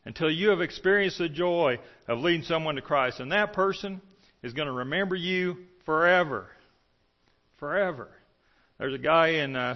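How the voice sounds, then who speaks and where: A pastor preaching a sermon to his congregation, swinging between loud calls and hushed lines. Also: on the high side, dull audio.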